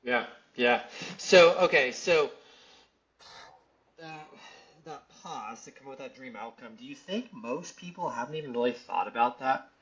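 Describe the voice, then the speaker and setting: A male podcast host asking casual, rambling questions and reacting with quick approval. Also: mid-range voice, lively intonation, a bit bright. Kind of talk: conversational interview. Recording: dull lo-fi audio.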